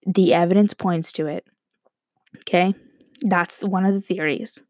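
A young woman casually telling a rambling story to her viewers, animated and quick to laugh. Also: on the low side, no echo, studio quality. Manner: animated, rambling, breaks into quoted voices and laughs.

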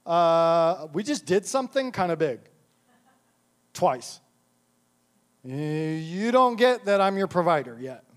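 Guy preaching and doing jesus all fed up and slangy, highish voice. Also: sing-song, takes it slowly, long pauses. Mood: exasperated. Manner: slangy, exasperated. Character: exasperated, casual-talking male Jesus.

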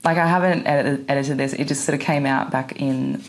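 Young female podcast host, low and gravelly, chatty and casual with swearing and laughs. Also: fairly even intonation, a little fast, few pauses. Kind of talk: casual solo podcast monologue.

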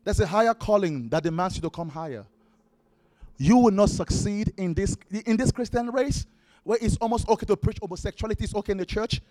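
A man with a high voice and dark tone preaches fairly quickly as a pastor, pressing his congregation with repeated commands and breaking into worship song. The recording is dry and close-miked, with worship music in the background.

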